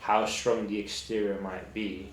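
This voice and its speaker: Low-voiced young man, reflective. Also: level tone, measured pace. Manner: open, reflective, hesitant with fillers, London slang. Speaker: podcast guest. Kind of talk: casual chat. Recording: roomy echo, faint background noise.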